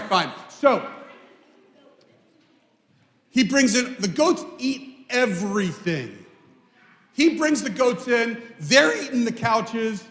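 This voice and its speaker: Playful man telling a children's story, high and lively; echoey hall. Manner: playful, chatty, talks with the audience. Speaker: storyteller at a children's family service. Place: synagogue sanctuary.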